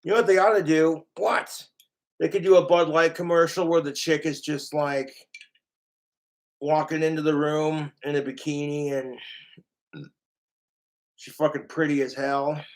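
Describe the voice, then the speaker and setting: A man's voice: fairly high pitch, level tone, a little slow, long pauses. A man in crude casual banter, profane and joking as he riffs a bit.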